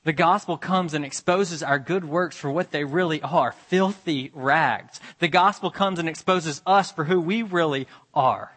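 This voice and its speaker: A man's voice: a little high, moderate pace, hardly any pauses, a bit bright. A man preaching a sermon, emphatic and repetitive, pressing his listeners with rhetorical questions.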